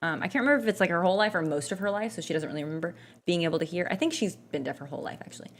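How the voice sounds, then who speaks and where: A woman's voice: fairly low pitch, racing, slight background noise. A woman gaming vlogger chatting casually and rambling, with lots of fillers and restarts. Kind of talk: casual chat while gaming.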